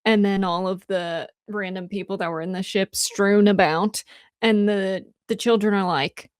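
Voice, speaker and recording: A woman's voice: medium pitch, fairly even intonation, a little slow, clear, resonant tone, no room sound, studio quality. A woman hosting a casual chat about a series with her best friend, teasing and laid-back. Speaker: host.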